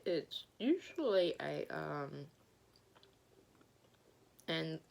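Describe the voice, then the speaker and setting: A woman with a Southern Alabama accent, telling a story in a rambling, halting way as she eats and talks with her mouth full. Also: sits low, big pitch swings, vocal fry, darkish tone. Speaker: vlogger. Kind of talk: casual storytelling while eating.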